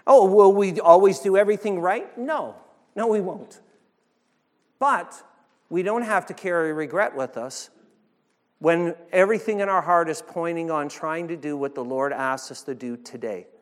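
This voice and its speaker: A man preaching a sermon as pastor, swinging between loud emphatic peaks and hushed low passages, with frequent restarts. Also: normal speed, long reverb tail.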